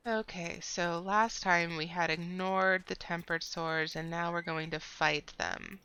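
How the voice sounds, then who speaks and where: A woman's voice: lowish voice, fairly even intonation, a little slow, pushed and bright, clear, resonant tone. A woman streamer chatting casually and reacting as she plays a game live.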